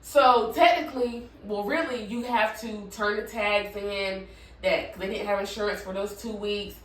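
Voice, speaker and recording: A woman's voice: mid-range voice, fairly even intonation, a little slow, fairly bright tone. A woman vlogger telling a casual storytime story, talking loosely with lots of "like" and "you feel me" and frequent swearing. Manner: conversational, leans on "like" and "you feel me", swears freely. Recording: echoey room, voice from a distance from the mic.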